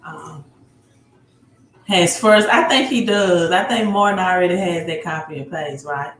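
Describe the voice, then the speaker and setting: Slow-talking woman hosting a roomy live stream. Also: lowish voice. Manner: greets viewers by city, with frequent tag questions. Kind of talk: casual live-stream chat. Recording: roomy home room with faint background noise.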